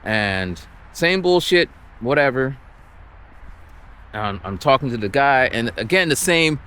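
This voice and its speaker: A man ranting and telling a story while walking outdoors, exasperated and animated. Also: mid-range voice, a little slow, clear, resonant tone. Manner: exasperated, animated, acts out the people he quotes. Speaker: vlogger.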